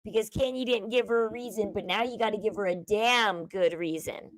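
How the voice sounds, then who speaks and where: A woman's voice: medium pitch, brisk, dry recording, rough recording. A woman streamer giving emphatic true-crime gossip commentary, repeating points and lecturing her viewers.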